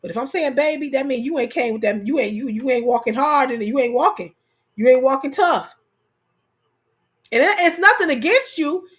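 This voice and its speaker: A woman's voice: high-pitched, animated, normal speed, a bit bright. A woman co-hosting a casual chat, telling stories animatedly, repeating phrases for emphasis and talking straight to her audience. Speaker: co-host.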